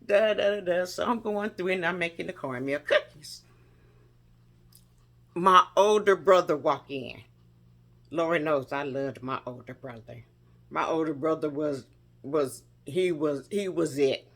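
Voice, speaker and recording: A woman's voice: deep voice, measured pace, long pauses. Laughing woman telling a family story. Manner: animated, laughing often while telling the story. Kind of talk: storytelling a personal memory.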